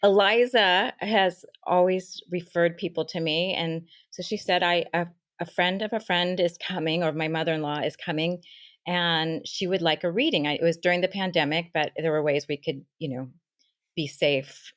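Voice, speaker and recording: A woman with a low voice on a close, dry podcast mic. She tells a story with lively turns, dropping into soft asides and acting out the voices of the people she met. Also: moderate pace, dry recording. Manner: animated storyteller, acts out quoted dialogue, soft asides. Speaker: spiritual teacher and medium, guest.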